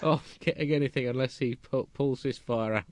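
This is a man with a middle-pitched voice, co-hosting a satirical comedy podcast. He stacks puns in a deadpan delivery and often chuckles at his own lines. The recording is close and dry. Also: normal speed, no room sound. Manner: deadpan, pun-heavy, chuckles through his own jokes. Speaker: co-host.

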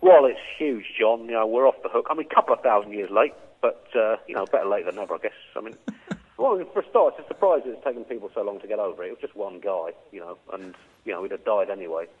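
A man co-hosting a comedy podcast, delivering absurd jokes deadpan with frequent chuckles. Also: fairly low pitch, fast, breathy edge. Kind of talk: comic monologue and banter. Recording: phone-like narrow band.

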